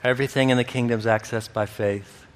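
A man's voice: medium pitch, steady tone, a little fast. A man preaching a sermon, telling stories with laughter and acting out the voices of people in them. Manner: storytelling, acts out quoted voices, laughs often. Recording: long hall reverb.

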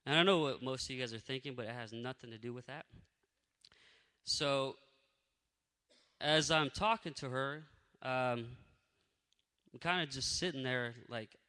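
A man telling a faith testimony in a lively, casual way, acting out what people said. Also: mid-range voice, a little slow, long pauses, long reverb tail. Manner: energetic, animated storyteller who acts out what people said. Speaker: speaker sharing a faith testimony.

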